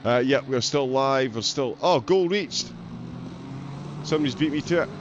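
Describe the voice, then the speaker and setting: A man's voice: mid-range voice, fairly quick. Scottish male race caller, casual stream host, filler-heavy; muffled audio with engine noise underneath. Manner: chatty, frequent uh fillers, self-deprecating. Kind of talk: live sim-racing commentary. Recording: dull lo-fi audio with loud race car noise.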